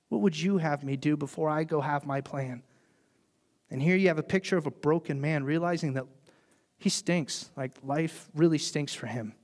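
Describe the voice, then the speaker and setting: Lively preaching pastor, slightly high voice. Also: male voice. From United States. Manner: animated storytelling, acts out quoted voices. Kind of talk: sermon.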